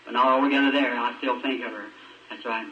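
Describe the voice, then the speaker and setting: A man's voice: steady tone, fast, a little hiss or hum. A man, telling a personal story in a folksy, emotional way. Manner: folksy, emotional, acts out voices in a high pitch. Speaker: preacher. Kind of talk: sermon storytelling. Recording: lo-fi old tape from a far mic, echoey church.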